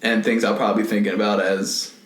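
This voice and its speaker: A man hosting a podcast, asking questions in a relaxed way and teasing his guest with dry humor. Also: lowish voice, fast talker, a little hiss or hum. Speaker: podcast host. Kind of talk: casual interview. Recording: echoey room.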